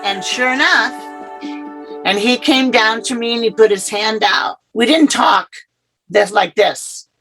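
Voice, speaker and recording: A middle-aged woman telling her personal story as an interview guest, earnest and halting, often repeating herself. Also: on the high side, fairly bright tone, soft background music, low-quality recording.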